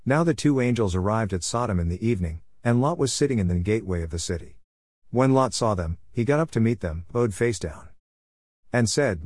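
A man giving a steady, measured scripture reading. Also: on the low side, no echo, clean studio sound. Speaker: scripture reader.

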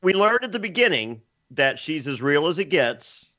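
A man's voice: a little high, very animated, normal speed, bright, forceful tone, no room sound, muffled recording. A man co-hosting a podcast, bantering casually with jokes and profanity and often acting out quotes. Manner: joking, acts out quotes, laughs often. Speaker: podcast co-host.

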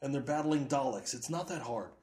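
A man co-hosting a podcast, chatting casually with wry, deadpan remarks and mock exasperation. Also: mid-range voice, a little fast, roomy sound. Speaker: podcast co-host. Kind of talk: casual chat.

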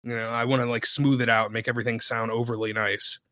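Male podcaster, bright and forward, easygoing with fillers, dry mic. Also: mid-range voice, quick pace, no room sound. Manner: relaxed, chatty, many fillers. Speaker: podcaster guest. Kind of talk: casual podcast chat.

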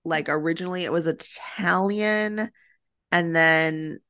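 Low, gravelly woman chatting casually. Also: measured pace, a bit bright, no room sound, clean studio sound. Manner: chatty, many fillers and "like". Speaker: podcast co-host. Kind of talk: casual chat recapping a movie.

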